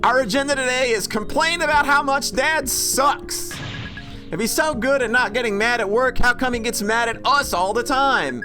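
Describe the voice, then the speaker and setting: A woman's voice: fairly high pitch, normal speed, voice pushed up, lightly acted. A woman voicing a hotheaded, defiant teenage girl in a game. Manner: defiant, blunt. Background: game music.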